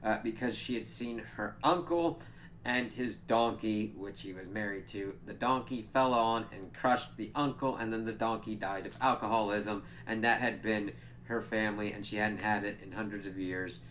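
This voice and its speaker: A man giving a casual spoiler review, excitable and profane, with many filler words. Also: lowish voice, normal speed, a little hiss or hum. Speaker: TV episode reviewer.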